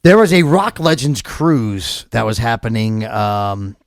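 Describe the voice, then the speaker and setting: A man's voice: medium pitch, lively intonation, measured pace, creaky, no echo, clean studio sound. A man hosting a casual radio show, rambling through music news with stammered restarts and frequent laughs.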